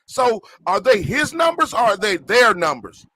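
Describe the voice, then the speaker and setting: A man's voice: sits high, moderate pace, no room sound. A man hosting a podcast debate on a studio mic, arguing hard and laughing often. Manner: animated, laughing, argumentative. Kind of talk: heated casual debate.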